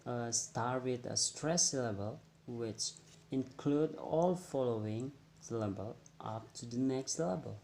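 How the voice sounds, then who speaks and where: A young man whose first language is Indonesian, giving a classroom-style explanation as a student presenter, halting and repeating words as he goes. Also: medium pitch, creaky, darkish tone, a little hiss or hum. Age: young adult.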